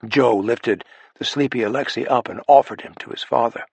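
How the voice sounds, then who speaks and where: A male audiobook narrator reads in a measured, even way. His voice is gravelly and husky, recorded close and dry. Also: mid-range voice, no room sound. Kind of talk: scripted narration.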